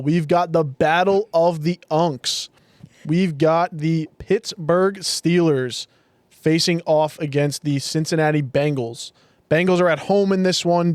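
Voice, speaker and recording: A man co-hosting a casual sports podcast, laid-back and quick to laugh and swear. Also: fairly high pitch, clear, resonant tone, no echo. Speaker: podcast co-host.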